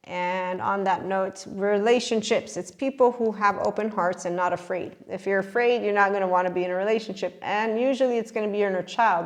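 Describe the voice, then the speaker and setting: A podcast host with a medium-pitched voice delivers a casual monologue to her listeners, animated and laughing frequently.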